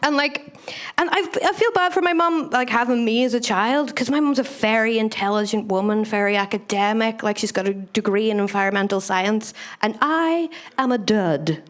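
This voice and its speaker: A young woman performs stand-up into a handheld mic on a comedy club stage. Her voice sits a little high, and her delivery is loose, chatty and profane. She mocks herself and laughs along with her own jokes. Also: normal speed.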